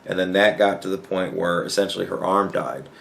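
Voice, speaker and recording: A man's voice: low voice, fairly even intonation, a little fast, creaky, fairly bright tone, slight background noise. Podcast host, male, casual and profane, stammers and restarts, plays out imagined conversations. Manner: acts out imagined dialogue. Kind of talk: casual solo commentary.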